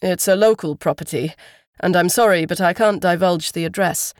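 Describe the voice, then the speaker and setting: A woman voicing a polite, formal male police constable who speaks in measured official phrases. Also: on the low side, no room sound, clean studio sound, natural voice.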